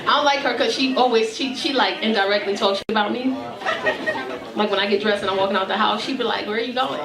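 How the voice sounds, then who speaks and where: A woman's voice: mid-range voice, fast, roomy sound, far from the mic, a loud crowd. A woman in her thirties doing profane stand-up storytelling, acting out voices in her stories on a club stage. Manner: animated, profane, acts out voices in quotes. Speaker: stand-up comedian. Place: comedy club stage with live audience. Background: audience laughter.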